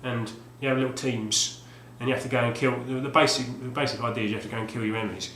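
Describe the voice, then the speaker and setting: A man's voice: mid-range voice, fairly even intonation, fast, a bit bright. Rambling man in an echoey room. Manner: rambling, with many fillers and restarts. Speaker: retro game collector vlogger. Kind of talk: casual video talk. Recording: roomy echo, faint background hum.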